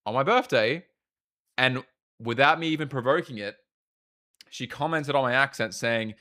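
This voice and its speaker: A man's voice: medium pitch, bright, forceful tone. A man with an Australian accent chatting casually as a livestreamer, rambling and swearing freely. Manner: rambling, profane, quick asides. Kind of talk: casual stream chat.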